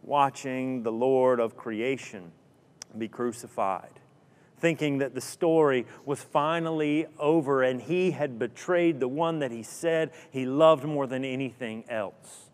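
A male preacher tells a story slowly and dramatically, piling up rhetorical questions and dropping to a hush at key moments. His voice has a middle pitch, and a long reverb trails each phrase as if in a large hall. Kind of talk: sermon storytelling.

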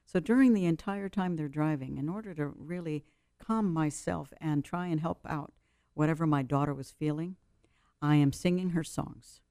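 A woman's voice: low-pitched, normal speed, dark tone, dry recording, studio quality. Earnest woman telling a dramatic story. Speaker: interview guest. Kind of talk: personal story told in an interview.

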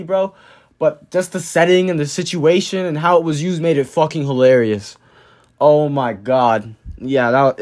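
A young man casually telling a story to the camera, loose and profane, full of slang and fillers. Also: fairly high pitch.

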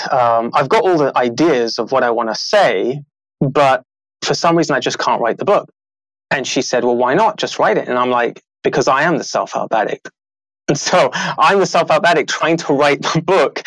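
A man's voice: medium pitch, no room sound, rough recording. A man in his thirties, a guest author on a podcast interview, telling stories casually and acting out the voices of the people in them with bursts of laughter. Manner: animated, acts out quoted voices, laughs often.

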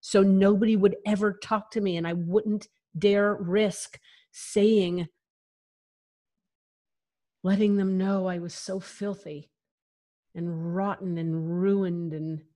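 A woman's voice: medium pitch, steady tone, slow pace, pauses often, dark tone. A woman guest in an interview, telling her own story in a frank, emphatic way and laughing between phrases. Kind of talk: candid personal storytelling.

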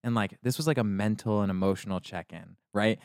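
A young man co-hosting a podcast, chatting casually and telling stories with lots of animated voices. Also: lowish voice, brisk, no room sound, studio quality. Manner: animated storyteller acting out voices. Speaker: podcast co-host. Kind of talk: casual chat.

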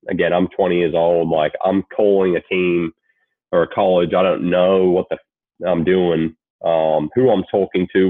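Australian guy, late 20s, low voice, laid-back, swears a lot, phone-quality audio. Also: dry recording. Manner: laid-back, swears freely, many fillers. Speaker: guest, sports agent. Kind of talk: casual storytelling. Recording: tinny phone-like call audio.

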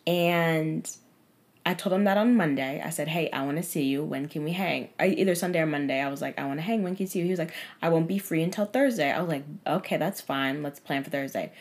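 A young woman telling a dating story on a podcast in casual, profane chat, animated and full of fillers. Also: low-pitched, fairly quick.

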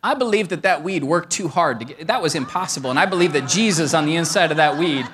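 A middle-aged man preaching a sermon, who tells stories about home with humor and rises to shouts when he gets excited. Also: on the high side, fast talker. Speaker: pastor.

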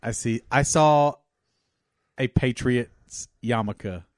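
A man co-hosting a comedy podcast, bantering casually with quick jokes and frequent laughter. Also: medium pitch, dry recording, clean studio sound. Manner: jokey, quick interjections, laughs often. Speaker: podcast co-host.

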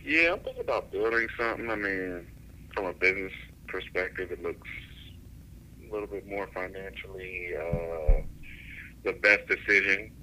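A man's voice: sits low, normal speed, bright, forceful tone, a little hiss or hum, rough recording. A man calling in as a guest, chatting casually in a tired, laid-back way and laughing easily. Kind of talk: casual chat.

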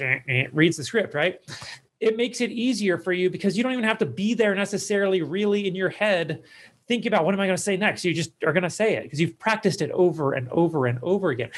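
A man's voice: sits high, breathy edge. A man hosting his own podcast as a speaking coach, giving casual advice in a chatty, self-deprecating way with joking asides.

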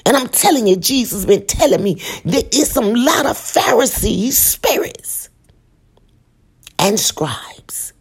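A woman's voice: a little high, animated, moderate pace, hardly any pauses, slightly rough. A woman giving an informal Bible teaching, emphatic and repeating her phrases as she preaches.

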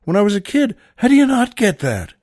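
High and slightly mellow, the older man's voice swoops wildly in pitch and moves briskly. As a podcast host, he rambles through casual stories with frequent "uh"s, restarts, and references to "folks," captured in clean studio sound without echo.

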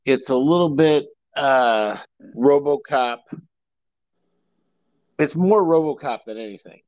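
A man's voice: medium pitch, slow, darkish tone, dry recording, lo-fi sound. A man co-hosting a casual comedy podcast, riffing and joking. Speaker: podcast co-host.

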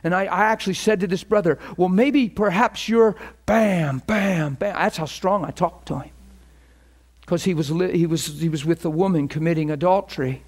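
A middle-aged man preaching, telling a story and acting out both sides of phone calls. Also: brisk. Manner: animated, acts out phone calls with rising pitch. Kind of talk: storytelling sermon.

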